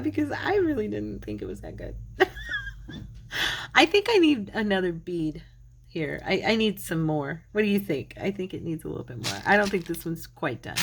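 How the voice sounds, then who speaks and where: A woman's voice: fairly low pitch, a little hiss or hum. A middle-aged woman hosting a craft channel, chatting casually and talking to herself as she works, living in Arizona. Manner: chatty, talks to herself while working. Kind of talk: casual crafting tutorial chat.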